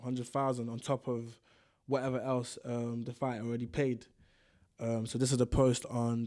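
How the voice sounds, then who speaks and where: A man's voice: mid-range voice, warm tone. A young man giving casual boxing commentary, slangy and ranting, often repeating himself. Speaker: boxing vlogger.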